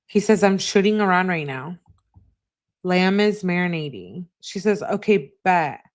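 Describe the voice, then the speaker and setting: A woman hosting her channel, casually reading text messages aloud and adding short remarks of her own. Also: on the low side. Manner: reads messages in a flat, unhurried voice with short asides.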